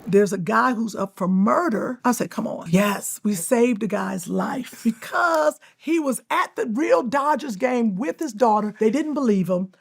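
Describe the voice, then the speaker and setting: A woman from Cleveland with a gravelly edge and a fairly high voice, telling stories in an interview. Her delivery is animated and comic, leaning into each punchline. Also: a little slow, few pauses. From Cleveland, Ohio. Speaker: actress and comedian, interview guest. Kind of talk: interview storytelling.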